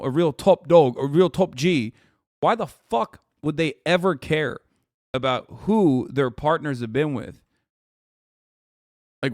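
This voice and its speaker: A man's voice: mid-range voice, no room sound, clean studio sound. A man streamer reacting to a clip, ranting in an incredulous and profane way. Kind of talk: live-stream reaction commentary.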